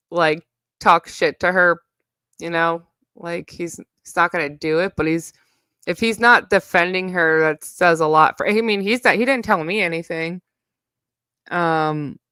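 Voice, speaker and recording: A woman's voice: fairly low pitch, a little slow, long pauses, bright, forceful tone, clear, resonant tone, no echo, clean studio sound. A young woman with a New York accent, ranting bluntly and profanely in a rambling casual livestream. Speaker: live streamer.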